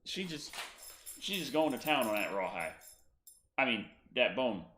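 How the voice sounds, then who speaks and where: A man's voice: medium pitch, sing-song, a little slow, pushed and bright. A man hosting a livestream in casual chat, rambling and restarting his sentences. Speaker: host.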